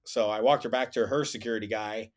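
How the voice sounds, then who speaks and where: A man's voice: lowish voice, fairly even intonation, quick pace. A man and former soldier telling a story on a podcast in a casual, rambling way, with lots of fillers and restarts.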